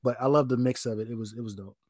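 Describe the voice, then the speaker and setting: A man's voice: medium pitch, steady tone, racing, darkish tone. A man co-hosting a podcast in casual chat, rambling through his opinions with lots of fillers. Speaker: podcast co-host.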